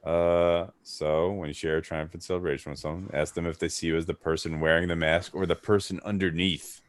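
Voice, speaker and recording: A man playing a tabletop game, chatting in a laid-back, drawn-out way. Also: low-pitched, flat delivery, no echo. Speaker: player. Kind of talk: casual chat at a tabletop game.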